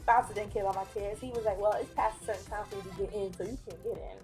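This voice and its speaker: A young woman telling a casual storytime vlog, animated, acting out the other people's lines in quick mock voices. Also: medium pitch, soft background music. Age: young adult. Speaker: vlogger.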